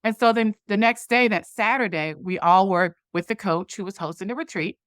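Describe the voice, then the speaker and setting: This studio-quality recording, free of room sound, features a woman at mid-range pitch whose clear, resonant voice moves fairly quickly. She's an interview guest and movement founder, telling a personal story and animatedly acting out its dialogue.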